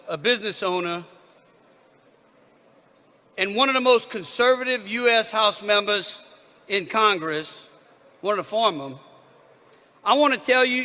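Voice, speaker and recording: A man giving a loud, rousing political speech at a rally, pausing between phrases. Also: high-pitched, big-room sound.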